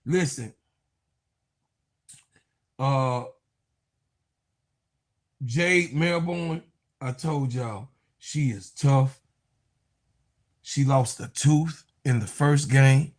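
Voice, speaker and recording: A man's voice: mid-range voice, drawn-out words, pauses often. A young man with a Chicago accent hosting a casual sports talk stream, trash-talking and laughing often. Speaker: sports commentary host.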